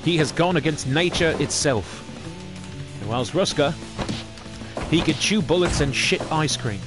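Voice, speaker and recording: A man giving theatrical, excitable play-by-play wrestling commentary. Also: fairly high pitch, measured pace, loud music behind the voice. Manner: excitable, theatrical announcer delivery.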